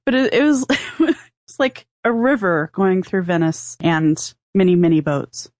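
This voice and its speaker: A woman's voice: medium pitch, animated, measured pace, no room sound, clean studio sound. A woman co-hosting a podcast, chatting casually in a hesitant, rambling way. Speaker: podcast co-host. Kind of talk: casual chat.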